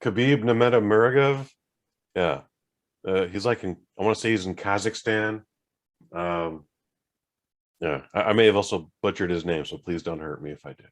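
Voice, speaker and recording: A man's voice: deep voice, moderate pace, long pauses. A man co-hosting a podcast, riffing jokes in casual banter with frequent restarts. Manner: jokey, riffing, hesitant restarts. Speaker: podcast co-host.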